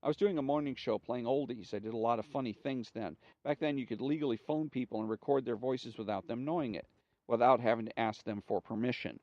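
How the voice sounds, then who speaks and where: A man's voice: mid-range voice, a little fast, dry recording. A man reading a magazine interview aloud in a plain voice, announcing each speaker before their lines. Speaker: reader. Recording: dry, slightly dull home recording.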